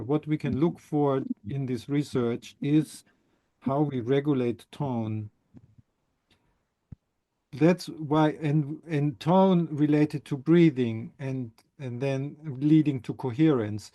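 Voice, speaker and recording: A man who teaches somatic movement, answering a question in a halting, thoughtful way with frequent restarts. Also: medium pitch, warm tone. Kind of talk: explanatory talk answering a question.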